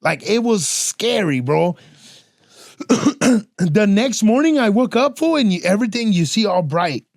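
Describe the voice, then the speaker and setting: A man's voice: high-pitched, measured pace, pauses often, no echo, clean studio sound. A man hosting a podcast, telling stories in a casual, slangy, profane way and acting out the people in them. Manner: slangy and profane, peppers talk with "fool" and "dog"; animated, acts out voices in his stories. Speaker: podcast host. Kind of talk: casual storytelling chat.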